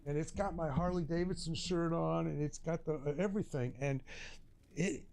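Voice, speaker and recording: Gravelly-voiced man telling stories. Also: a little high, normal speed, a little mellow, a little hiss or hum. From Chicago. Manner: storytelling, laughs often, slangy. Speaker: streamer. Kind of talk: casual chat. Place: home streaming setup.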